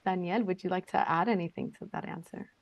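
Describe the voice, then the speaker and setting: A woman moderating a panel talks in a notably low voice. She is direct and cautionary, pressing her points plainly. The recording is dry and close. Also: a little fast, dry recording. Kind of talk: panel discussion.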